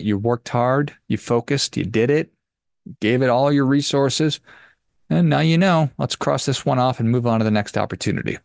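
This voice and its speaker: A man's voice: medium pitch, creaky, dry recording, clean studio sound. A man hosting a personal finance podcast who gives a casual motivational talk in an emphatic, preachy way and repeats his points.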